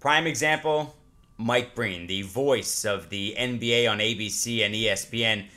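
A man's voice: lowish voice, normal speed, pushed and bright. A man hosting a podcast, narrating a scripted introduction. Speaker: podcast host.

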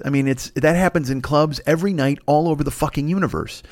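A man hosting a solo comedy podcast, ranting in a profane, exasperated way that climbs into high indignant bursts. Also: fairly even intonation, quick pace, hardly any pauses, dry recording, studio quality. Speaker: podcast host.

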